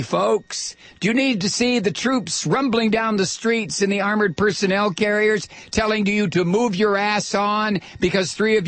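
Furious, high-pitched ranting radio host man. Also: dry recording. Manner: angry, firing off repeated rhetorical questions, shouting at times. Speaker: radio talk show host. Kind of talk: impassioned political call-in radio rant.

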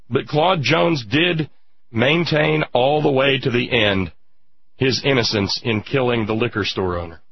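Indignant husky-voiced male commentator. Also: medium pitch, highs cut off. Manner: indignant, drawn-out emphatic pauses. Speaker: radio commentator. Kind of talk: impassioned political monologue.

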